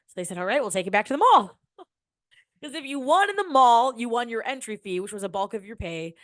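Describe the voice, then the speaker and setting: A young woman from Michigan tells a long personal story in a relaxed, chatty way. She keeps an ordinary middle pitch and lifts it sharply when she acts out her own past lines. The sound is dry and close, with no room around it. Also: dry recording. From Michigan, USA. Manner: chatty, animated, acts out quoted lines in a high voice. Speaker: podcast host. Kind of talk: casual storytelling.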